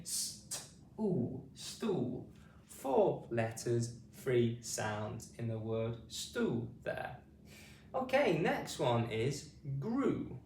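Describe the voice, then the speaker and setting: A British man leads a phonics lesson at a slow, deliberate pace, with a lively pitch that rises and falls on each word he sounds out. His voice sits a little back from the mic in a roomy space. Faint noise sits underneath. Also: distant mic. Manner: slow, deliberate, sounding out letters and repeating words. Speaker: phonics teacher.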